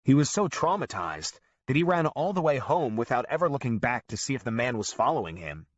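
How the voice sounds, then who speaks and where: A man reads a memoir aloud, his pitch rising and falling in an animated storytelling way. The sound is dry and close-miked, with no room around it. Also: a little fast, no room sound. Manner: lively, storytelling. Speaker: audiobook narrator. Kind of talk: scripted narration.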